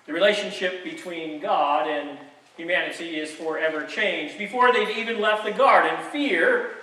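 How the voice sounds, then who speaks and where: A man's voice: sits high, normal speed, sharp tone. A man preaching a sermon as pastor, conversational and dotted with wry jokes. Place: church sanctuary. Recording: echoey sanctuary, mic at a distance.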